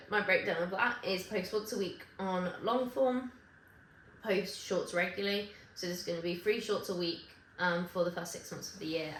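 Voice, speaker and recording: A woman vlogging to camera in casual chat, rambling and correcting herself with quick asides. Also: lowish voice, fairly bright tone, slight background noise. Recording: echoey room with faint ambience.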